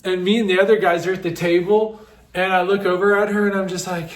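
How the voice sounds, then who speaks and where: A man casually telling a personal story, animated and often breaking into laughter. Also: sits high, fast talker, reverberant.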